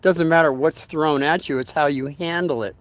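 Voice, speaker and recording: A man's voice: on the high side, steady tone, moderate pace. An older man hosting a casual storytelling livestream, rambling in a folksy way and greeting viewers by name as he reads their comments.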